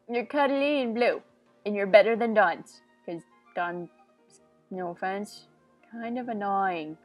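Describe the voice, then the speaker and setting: A woman giving casual, goofy, excitable commentary while she plays a video game, often talking to the characters on screen. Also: medium pitch, takes it slowly, soft background music. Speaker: let's play gamer.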